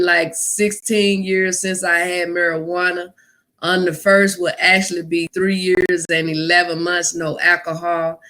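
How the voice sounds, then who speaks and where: Bright-voiced woman comedian. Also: on the low side, poor audio. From Arkansas. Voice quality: lively storyteller, laughs often. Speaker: comedian guest. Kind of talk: casual podcast chat.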